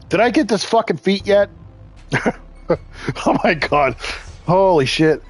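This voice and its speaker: A man's voice: sits high, lively intonation, takes it slowly, pauses often. A man streaming a game live, chatting casually and swearing freely between fits of giggles. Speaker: gaming streamer.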